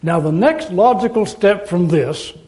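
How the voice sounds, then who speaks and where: High-voiced man preaching a sermon. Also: lively intonation, darkish tone, rough recording. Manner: earnest, lists scripture verses with slow emphatic quotes. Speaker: pastor.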